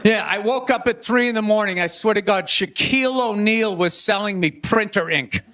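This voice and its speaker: A man doing a loud, ranting stand-up set on a theater stage, shouting his punchlines. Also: high voice, moderate pace. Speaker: stand-up comedian. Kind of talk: stand-up monologue. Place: theater stage before a laughing audience. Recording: live show with audience laughter and noise.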